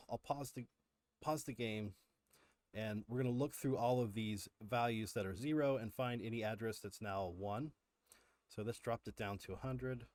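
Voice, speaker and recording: Male streamer, lowish voice, casual explainer with ums and restarts, dry close mic. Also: no echo. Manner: explanatory, frequent fillers and restarts. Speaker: livestream host. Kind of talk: live coding walkthrough.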